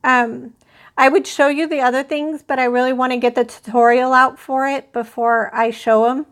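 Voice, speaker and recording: A woman's voice: sits high, flat delivery, normal speed, fairly bright tone. A woman hosting a crochet live stream, chatting casually and rambling as she talks to viewers in the chat. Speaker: crochet channel host.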